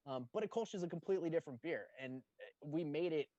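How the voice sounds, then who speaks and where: A man's voice: a little high, animated, fast talker, mellow, no echo. Brief: man, brewery guest, rambling and eager, lo-fi dry recording. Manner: rambling, enthusiastic, many fillers. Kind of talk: casual chat. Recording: dull lo-fi dry sound.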